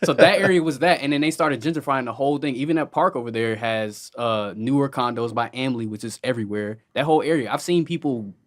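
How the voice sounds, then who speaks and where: A man's voice: medium pitch, fast, hardly any pauses. A man in a casual group chat, explaining things earnestly.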